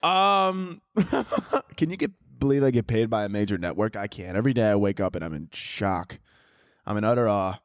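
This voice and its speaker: A man's voice: lowish voice, expressive, normal speed, dry recording, clean studio sound. A man hosting a podcast from his home, rambling through crude jokes and cutting himself off mid-thought. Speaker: podcast host. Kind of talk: crude comedic rambling monologue. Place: home, downstairs by a Christmas tree.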